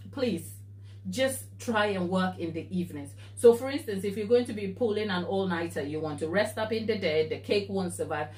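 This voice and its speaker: A woman cake baker telling a story during a live tutorial, animated and expressive and laughing as she talks. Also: medium pitch. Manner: animated, expressive, often laughing mid-sentence. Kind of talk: casual anecdotal storytelling. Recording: echoey room, voice distant from mic.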